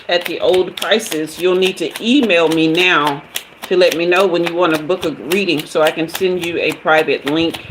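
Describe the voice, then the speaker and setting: A woman's voice: on the low side, noisy background. A woman doing a live tarot reading, chatty and hyper, laughing often and talking to her viewers. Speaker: tarot reader.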